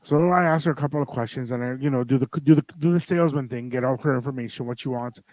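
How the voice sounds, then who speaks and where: Speaking fast in a medium-pitched, slightly mellow voice, this man co-hosts a podcast and recounts a family tale, voicing its characters and switching between English and Spanish. The sound is dry and roughly recorded.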